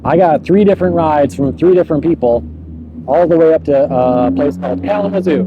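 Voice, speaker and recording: Man in a casual spoken story, warm and mellow tone, pitched a little high, laughs at himself, trips over words. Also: a little hiss or hum. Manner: chuckles at his own mishaps, repeats words in rushes.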